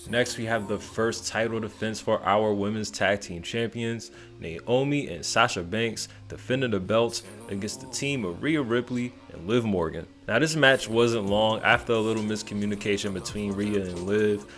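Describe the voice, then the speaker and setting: A man casually recapping a wrestling show, animated and playful, mimicking the wrestlers as he goes. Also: fairly low pitch, normal speed, few pauses, soft background music.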